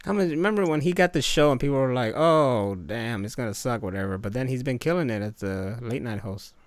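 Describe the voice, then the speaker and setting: A man hosting a casual chat, laughing easily and trailing off quietly at the ends of thoughts. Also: mid-range voice, lively intonation, fast talker, no room sound.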